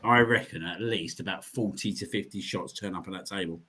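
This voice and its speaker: A man's voice: sits low, fairly quick, pushed and bright, husky. A man hosting a casual live fan show, telling pub stories with blokey slang and frequent laughs. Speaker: host. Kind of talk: casual banter.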